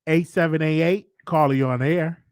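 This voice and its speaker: A talkative man with a Southern US accent hosts a call-in show, circling back to his points and laughing between them. His voice sits a little high for a man. The sound is dry and close. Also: steady tone, brisk, no echo. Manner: chatty, repetitive, laughs often. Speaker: talk show host. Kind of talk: casual live call-in commentary.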